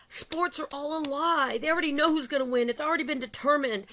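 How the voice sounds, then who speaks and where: A woman's voice: high voice, a little fast, pushed and bright, slight background noise. A middle-aged woman preaching an impassioned religious sermon, urgent and repetitive, building in intensity.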